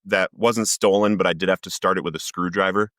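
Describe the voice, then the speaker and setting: A man's voice: sits low, fairly even intonation, brisk, fairly bright tone, no room sound, clean studio sound. A man, a podcast guest, giving an earnest personal recovery testimony as vivid storytelling that acts out the lines he quotes.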